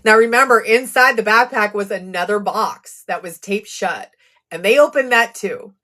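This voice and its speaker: A woman's voice: mid-range voice, normal speed, bright, forceful tone. Chatty woman streaming live legal commentary. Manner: chatty, reads viewer comments aloud, sarcastic asides. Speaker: true crime live streamer.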